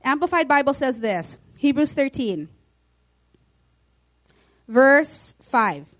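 Woman pastor, high voice, emphatic sermon, declaring, scripture reading. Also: lively intonation, takes it slowly, fairly bright tone.

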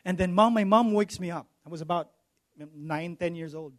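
High-voiced Filipino pastor preaching. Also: male voice, normal speed. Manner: conversational, repeats words, frequent "okay?". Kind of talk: sermon with personal stories.

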